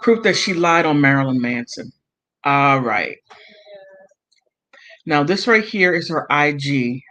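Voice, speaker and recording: A man hosting a commentary channel, reading messages aloud and commenting between them. He talks haltingly, stumbles over words and breaks off to exclaim in disbelief. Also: a little high, lively intonation, sharp tone, low-quality recording.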